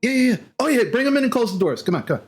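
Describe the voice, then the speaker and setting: A short, foul-mouthed little man with a high, pinched voice, brusque and quick to swear, as a game master puts him on. He snaps at strangers but greets friends loudly in a tabletop game, with faint music playing behind. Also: very animated, husky, full character voice. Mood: cheery.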